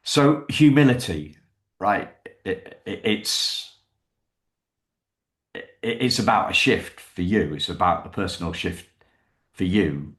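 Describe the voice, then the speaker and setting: A man hosting an interview, asking halting questions with frequent restarts. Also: sits low, lively intonation, fairly bright tone, reverberant. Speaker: podcast host.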